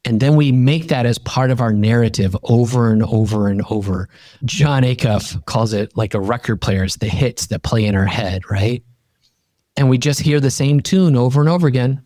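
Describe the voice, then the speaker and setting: A middle-aged man, a podcast guest and coach, telling personal stories in an emphatic, animated way that climbs high in pitch when he gets fired up. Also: normal speed, no room sound, studio quality. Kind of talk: animated personal storytelling in conversation.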